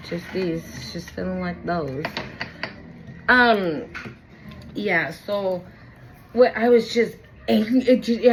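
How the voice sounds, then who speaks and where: A woman's voice: on the low side, background noise. A young woman giving a casual tarot reading, talking candidly, swearing freely and often repeating herself for emphasis. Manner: candid, chatty, swears freely, keeps checking in with "okay?". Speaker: tarot reader.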